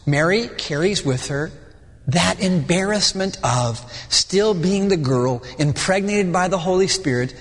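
A male pastor preaching a sermon, dramatic and animated, acting out the voices of the people in the story. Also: a little high, big-room sound.

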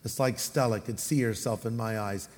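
A man with a Californian accent preaching a sermon as a pastor, animated and acting out the voices he quotes. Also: lowish voice, normal speed, long reverb tail.

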